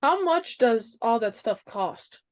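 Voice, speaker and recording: A woman's voice: fairly high pitch, expressive, takes it slowly. A woman interviewing a musician with short, direct, informal questions.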